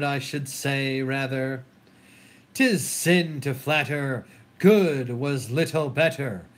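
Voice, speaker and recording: A man reading a play aloud alone, voicing a sorrowful deposed king in mournful, measured verse. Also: a little high. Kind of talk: solo dramatic reading of a play.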